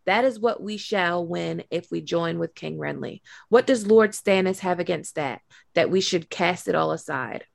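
Figure: woman reading a rousing war-hungry lord. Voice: creaky. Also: on the low side, lively intonation, normal speed, dry recording, studio quality. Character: male lord urging war for a new king. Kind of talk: reading a novel aloud.

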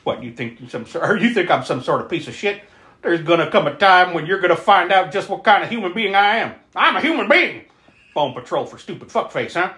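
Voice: mid-range voice, very animated, fairly quick, pushed and bright, voice pushed up. A podcast host voicing a bitter, foul-mouthed hillbilly man in a muttering rant, quoted during a movie recap. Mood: resentful. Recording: roomy echo.

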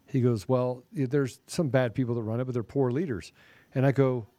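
A man hosts a casual political talk show in a plain, mid-pitched voice. He tells anecdotes and acts out both sides of each exchange. The sound is dry and close. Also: quick pace, warm tone, dry recording. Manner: storytelling, acts out dialogue. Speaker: show host.

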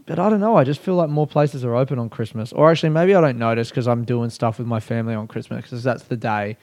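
A man's voice: mid-range voice, quick pace, darkish tone, no room sound. A young Australian man doing a rambling, profane, self-mocking comic monologue in casual chat. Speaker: comedian.

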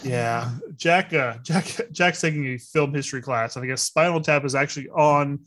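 A middle-aged man in casual chat as a podcast co-host, excitable and quick to joke and swear. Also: fairly high pitch, a little hiss or hum.

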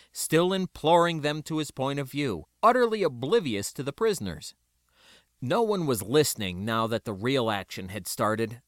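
A man narrating a first-person story aloud in an expressive reading. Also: mid-range voice, no echo, studio quality. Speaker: audiobook narrator.

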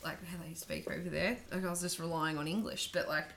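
A young Australian woman co-hosts a podcast, telling stories in loose, casual chat, laughing often and saying "like" a lot. She talks fast with a steady tone in a lowish, slightly bright voice, with a little hiss or hum in the background.

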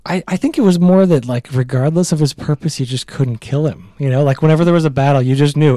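A man with a mellow, warm voice chats easily about a fantasy novel and slips into playful quoted voices as he talks. The recording is close and dry. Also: fairly high pitch, quick pace, few pauses, no echo. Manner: animated, chatty, acts out quotes. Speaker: podcast co-host. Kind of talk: casual book discussion.

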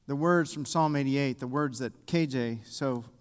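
A pastor preaching and reading a psalm aloud slowly, earnest and deliberate. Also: male voice, medium pitch, smooth. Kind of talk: sermon with slow scripture reading. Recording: reverberant hall.

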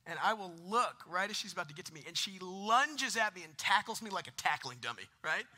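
A man's voice: high voice, expressive, a little fast, hardly any pauses, bright, forceful tone. A man, preaching a conversational sermon with jokes and rising emphasis. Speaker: pastor.

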